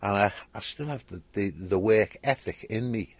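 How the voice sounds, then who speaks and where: An older man from Liverpool with a Scouse accent, an author chatting in an interview and telling lively stories with a husky voice. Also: lowish voice, moderate pace, dry recording. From England. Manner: lively storyteller, acts out voices and laughs often. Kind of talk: casual interview chat.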